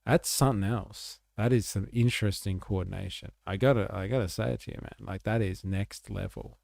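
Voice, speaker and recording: Low gravelly guy doing casual livestream politics chat, sarcastic and rambly. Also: fairly even intonation, a little fast, darkish tone, dry recording. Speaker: livestream host.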